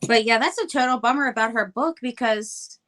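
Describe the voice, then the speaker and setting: A woman's voice: fairly high pitch, a little fast, noisy background. A middle-aged woman chatting casually while she crafts live, rambling with many fillers and restarts. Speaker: crafting livestream guest.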